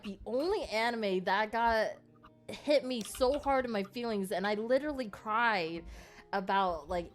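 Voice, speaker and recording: A woman co-hosting a casual podcast chat, rambling with many fillers and laughing often. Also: mid-range voice. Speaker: podcast co-host.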